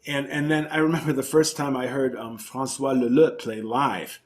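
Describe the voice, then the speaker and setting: In a relaxed interview, this man, who is a principal oboist and teaches oboe, talks thoughtfully about his craft, stressing ideas through repetition. He speaks at a normal speed in a steady, mid-range voice.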